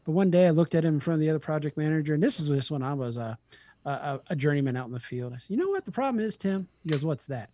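A man's voice: on the high side, fairly even intonation, rapid-fire, warm tone. A man co-hosting a podcast in casual, blunt, teasing chat with profanity. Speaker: podcast co-host.

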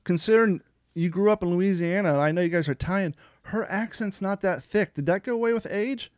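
A male podcast host talking in a chatty, rambling way and pitching offers with sales energy. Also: a little fast, a little mellow, dry recording, clean studio sound. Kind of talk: casual podcast chat and ad reads.

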